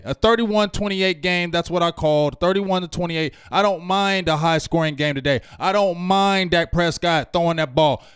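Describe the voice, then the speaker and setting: A man hosting a fan football show, talking in an animated, emphatic way and trash-talking rival teams. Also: fairly high pitch, clean tone, no echo, studio quality. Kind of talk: excited fan sports talk.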